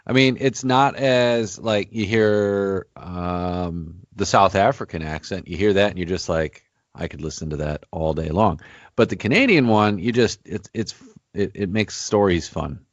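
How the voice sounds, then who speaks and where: A man's voice: sits low, measured pace, no echo, dull audio. A man hosting a podcast in casual chat, rambling and self-deprecating, often restarting his sentences. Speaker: podcast host.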